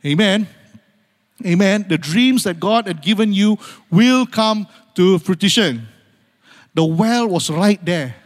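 A man preaching a sermon, swinging from loud urgent passages to hushed, near-whispered lines and repeating phrases for emphasis. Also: high voice, expressive, slow pace. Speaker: pastor. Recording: long hall reverb.

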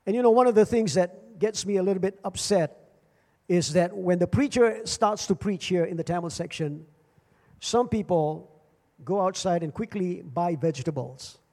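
Older pastor preaching, high, echoing hall. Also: male voice, moderate pace, dark tone. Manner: dramatic swings in pitch and volume, repeats phrases. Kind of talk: sermon. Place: church service. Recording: long church hall reverb.

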